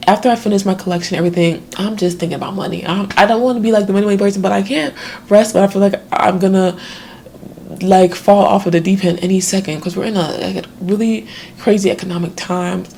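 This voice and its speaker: A woman in her twenties talks through her worries in a rambling, reflective video diary, full of fillers and crying at times. Her medium-pitched voice is steady, darkish, and a little fast, with a slight hiss or hum in the recording.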